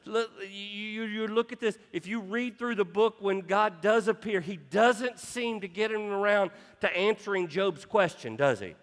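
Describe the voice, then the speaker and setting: High-voiced preaching man, hall reverb. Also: fairly bright tone. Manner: impassioned preaching with repeated restarts. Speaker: pastor. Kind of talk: sermon. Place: church sanctuary.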